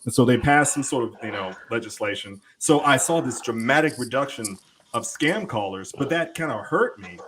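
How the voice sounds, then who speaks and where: A man's voice: mid-range voice, expressive, moderate pace, a bit bright, slight background noise. A man telling a story in casual panel chat, rambling and cursing freely. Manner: rambling storyteller, heavy cursing, many fillers.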